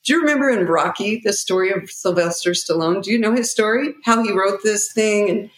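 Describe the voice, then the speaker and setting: A woman's voice: medium pitch, brisk, echoey room. A middle-aged woman guest on an interview, speaking in a heartfelt, emotional and rambling way. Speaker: guest, nonprofit founder. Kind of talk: interview conversation.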